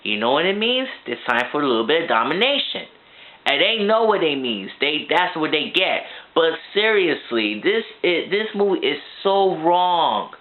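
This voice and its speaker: A man ranting through a movie review in an excitable, rambling way, now and then shouting. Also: on the high side, normal speed. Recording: tinny phone-like sound.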